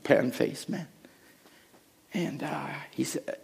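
A middle-aged man preaching a sermon as pastor, telling a story with hushed asides and raised, urgent lines. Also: medium pitch, slow pace, vocal fry, pauses often, husky. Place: church.

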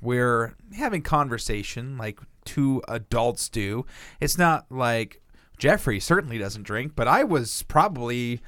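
A man co-hosting a podcast, telling a profane, animated story with frequent laughter. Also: mid-range voice, a little slow, no room sound, clean studio sound. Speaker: podcast co-host. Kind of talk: casual storytelling.

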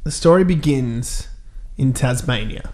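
A man's voice: medium pitch, unhurried, darkish tone. A man, casually telling a funny story and laughing along. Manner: laid-back, laughing anecdote-teller. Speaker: guest.

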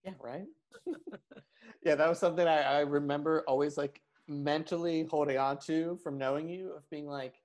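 A man's voice: a little high, fairly even intonation, normal speed, a little mellow. A man hosting a podcast interview in a casual, joking way. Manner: joking, teasing. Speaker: podcast host.

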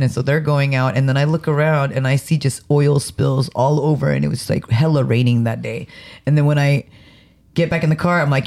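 Gravelly-voiced woman telling stories. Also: deep voice, normal speed, mellow. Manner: laughs often, rambling anecdotes. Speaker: podcast co-host. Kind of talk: casual chat.

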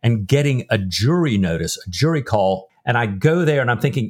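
A man's voice: mid-range voice, expressive, fairly quick, hardly any pauses. A middle-aged man co-hosting a podcast about a novel. He talks in a loose, rambling way, full of restarts and asides. When he reads passages aloud, he gives them real feeling. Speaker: podcast co-host. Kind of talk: casual book-discussion chat.

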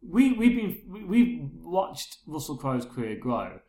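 A man's voice: fairly high pitch, very animated, unhurried, a little mellow, echoey room. A man chatting casually about films as a podcast co-host, rambling and correcting himself often. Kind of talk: casual film chat.

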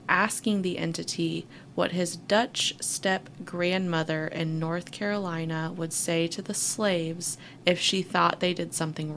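Creaky-voiced woman reading a story. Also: on the low side, slight background noise. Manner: reads at an even pace with wry asides. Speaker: podcast co-host. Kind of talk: reading a story aloud between casual chat.

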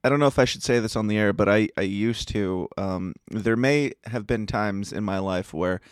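A man's voice: lowish voice, normal speed, clear, resonant tone, dry recording, clean studio sound. A man co-hosting a news comedy podcast in casual chat, wry and easygoing, laughing a lot.

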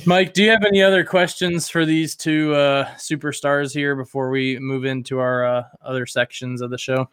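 A man's voice: medium pitch, level tone, moderate pace, few pauses, a bit bright, clean tone, no echo, clean studio sound. A man hosting a casual podcast, chatty and self-mocking, with lots of fillers. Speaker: podcast host.

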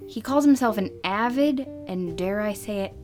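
A woman reads listener emails aloud on a podcast in a bright, amused way. Her voice sits in the middle of the usual range. Music plays clearly behind her. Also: mid-range voice, lively intonation, moderate pace.

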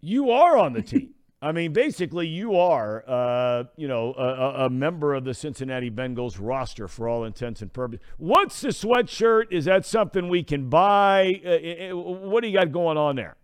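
An American man hosts a sports talk show with a slightly raised pitch. He jokes, riffs and jumps in with sudden excitement, often restarting his sentences. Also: moderate pace, few pauses, smooth. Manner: joking, excitable, lots of restarts. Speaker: sports radio host.

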